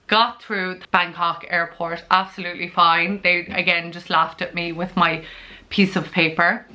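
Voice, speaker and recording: Young Irish woman, casual storytime vlogger, slightly low pitch, bright forceful tone. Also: level tone, normal speed. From Ireland. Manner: chatty, full of "like" fillers, acts out her own panicked quotes.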